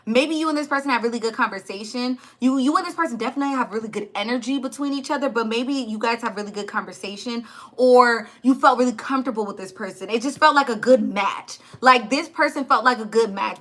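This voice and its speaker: Bright, chatty woman reading tarot. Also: a little high, fairly quick. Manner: blunt, chatty, swears and laughs often. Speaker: tarot reader. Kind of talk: casual tarot reading to camera.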